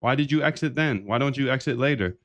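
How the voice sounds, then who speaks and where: A man's voice: mid-range voice, quick pace, a bit bright. A man talking casually while coding live, chatty and loose, repeating his own phrases and calling the listener "dude.". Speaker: coder streaming a live build.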